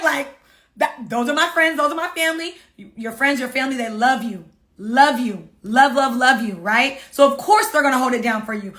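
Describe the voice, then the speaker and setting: A woman author and coach telling viewers her own story in a casual, animated, emphatic way, swearing freely. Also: high-pitched, a little fast.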